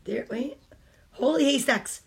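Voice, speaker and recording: Gushing high-voiced woman reading aloud. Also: a little slow, vocal fry, slightly rough. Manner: gushing and emotional, with gasps and excited asides. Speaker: reading picture books to children online. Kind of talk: read-aloud storytime with casual chat.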